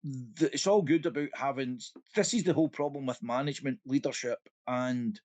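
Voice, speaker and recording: A man's voice: mid-range voice, brisk, a little mellow, dry recording. A Scottish man co-hosting a podcast in casual chat, acting out quotes and laughing often. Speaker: podcast co-host.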